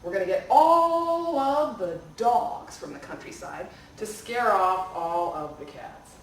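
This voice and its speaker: A woman's voice: medium pitch, lively intonation, slow, a little hiss or hum. A woman voicing a group of eager royal advisors in a folktale. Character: scheming royal advisors, plotting. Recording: echoey room from far off.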